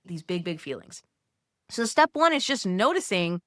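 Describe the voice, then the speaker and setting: A woman with a fairly low, very animated voice speaks at normal speed in a dry, studio-quality recording. In casual teaching talk she gently coaches Catholic mothers through steps, conversational and often saying "like."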